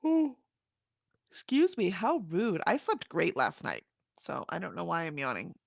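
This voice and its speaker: A woman with a gravelly, fry-edged voice, talking in relaxed stream chatter as she hosts a writing session. Her sound is close and dry, with no room around it. She drifts between small talk and reading comments aloud. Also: lowish voice, normal speed, no echo. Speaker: livestream host of writing sprints. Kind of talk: casual chat.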